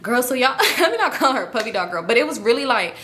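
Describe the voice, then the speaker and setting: Young woman storyteller, bright and forceful tone, animated, acts out friends' lines. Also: a little high, fast. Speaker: storytime YouTuber. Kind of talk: casual storytelling.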